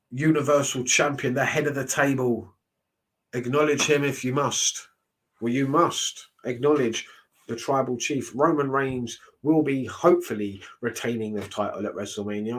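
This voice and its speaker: A man's voice: medium pitch, a bit bright. A man, casually reacting to wrestling shows, blunt and ranting, swearing freely.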